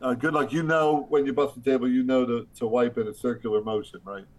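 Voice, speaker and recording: Co-host, male, deadpan joker with mock-grand flourishes, heard over a video call, mid pitch. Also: brisk, poor audio.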